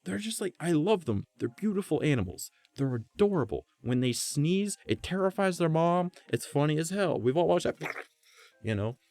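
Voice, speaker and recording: A man's voice: on the high side, sing-song, normal speed, darkish tone, no echo, soft background music. A young man streamer telling a story in a rambling, profane, conversational way. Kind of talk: casual storytelling on a live stream.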